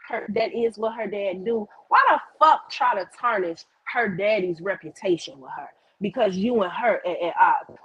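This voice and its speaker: A woman's voice: medium pitch, slightly rough, no room sound, low-quality recording. A woman host telling a heated, profane story to her viewers in casual chat. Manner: heated, profane, animated retelling with quoted voices. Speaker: streamer host.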